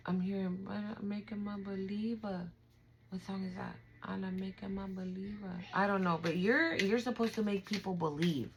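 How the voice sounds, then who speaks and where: A woman's voice: mid-range voice, fairly even intonation, normal speed, slight background noise, rough recording. A young woman giving a casual spiritual tarot reading, emphatic, emotional and profane, talking straight to her viewers. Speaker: tarot reader.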